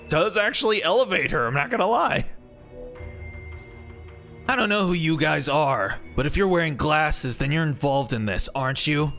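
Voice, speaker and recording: A man streaming a game, reacting in a playful, animated, jokey way. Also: fairly high pitch, moderate pace, vocal fry, faint music behind. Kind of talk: casual game commentary.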